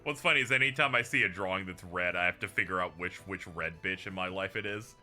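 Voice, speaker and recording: A man's voice: low voice, quick pace, bright, forceful tone, soft background music. A young man chatting casually and profanely on a livestream, joking with friends. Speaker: streamer.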